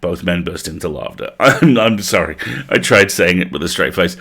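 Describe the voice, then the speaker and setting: A man's voice: low-pitched, normal speed, a bit bright. A man reading a comic parody story aloud on a live stream, playful, stopping now and then to laugh and comment.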